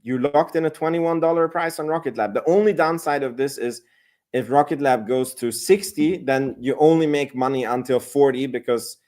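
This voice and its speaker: On his live stream, a host with a medium-pitched, darkish voice chats loosely about selling options at a normal speed. He wanders in his talk, answering chat comments with many fillers and false starts.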